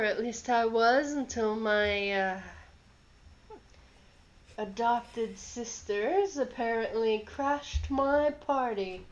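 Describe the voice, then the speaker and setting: Regal fey queen, poised and gracious, slow and lilting, voiced by a woman game master; dull lo-fi sound. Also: fairly high pitch.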